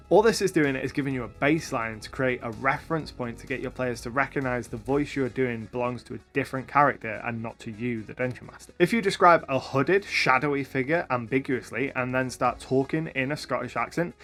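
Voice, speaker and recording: A man hosting a tutorial for game masters, talking to camera with upbeat, lively energy. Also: mid-range voice. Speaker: YouTube host and game master.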